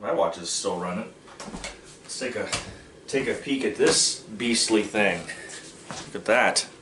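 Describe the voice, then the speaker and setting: A man's voice: on the low side, a little slow, fairly bright tone, slight background noise. A man hosting a casual food-tasting vlog, goofy and self-mocking as he jokes about snacks. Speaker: vlog host. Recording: echoey room from far off.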